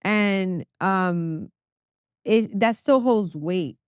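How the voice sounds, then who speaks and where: A woman's voice: medium pitch, drawn-out words, clean tone, dry recording, clean studio sound. A woman, a music publicist and podcast guest, talking in a chatty way with many fillers. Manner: chatty, filler-heavy, says "like" often. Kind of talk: casual podcast conversation.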